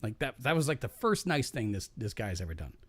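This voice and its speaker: A man's voice: mid-range voice, brisk, dry recording. Podcast guy ranting about an old job, swears a lot, voice jumps all over, dry close mic. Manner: animated, swearing, acts out quoted voices. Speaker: podcast host. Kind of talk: casual storytelling.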